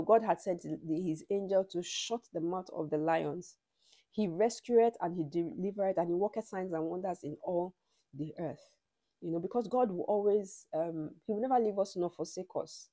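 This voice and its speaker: A woman's voice: on the low side, mellow, no echo. A woman giving a conversational devotional teaching and leading a prayer, with frequent "you know" asides.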